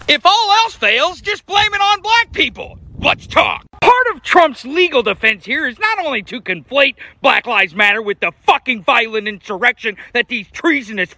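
High-voiced angry ranting man. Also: pushed and bright. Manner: profane, heated and sarcastic. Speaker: political commentator. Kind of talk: angry political rant.

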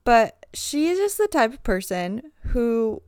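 A woman's voice: fairly high pitch, big pitch swings, measured pace, darkish tone, clear, resonant tone, dry recording, studio quality. A young woman hosting a casual podcast monologue as a swim coach, chatty and full of "like" fillers.

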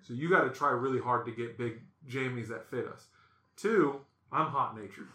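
A man, hosting a casual podcast and telling stories, acting out quotes with animated voices. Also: mid-range voice, normal speed, echoey room. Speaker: podcast host. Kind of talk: casual storytelling chat.

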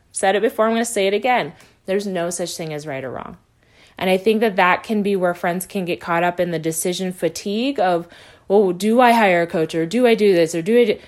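Reassuring woman podcast coach. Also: mid-range voice. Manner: warm, reassuring, repeats key phrases. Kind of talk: encouraging podcast monologue.

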